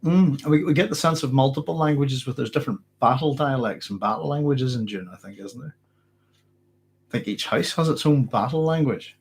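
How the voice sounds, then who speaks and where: Husky Northern Irish man with a cold. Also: medium pitch, a little fast. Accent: Northern Irish, mixed. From Northern Ireland. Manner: rambling, many restarts, chuckles often. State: has a cold, hoarse throat. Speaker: host answering live chat. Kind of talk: casual livestream Q&A.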